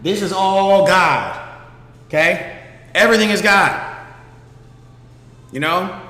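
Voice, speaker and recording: Taking it slowly, a streamer host with a high, bright, forceful voice and lively intonation tells a casual, animated story. He swears a lot and keeps checking that his listener is following, recorded in an echoey room with long reverb.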